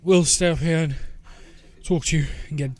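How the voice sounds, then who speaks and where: A man voicing a brisk, impatient town guard giving orders in a tabletop game. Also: fairly high pitch, steady tone, a little mellow, close to an everyday voice. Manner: barking orders.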